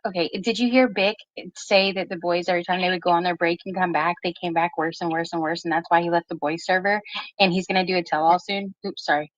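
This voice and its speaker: A woman's voice: on the low side, steady tone, quick pace, hardly any pauses, dry recording, lo-fi sound. A woman guest on a livestream, laid-back and gossipy, swearing freely in casual chat.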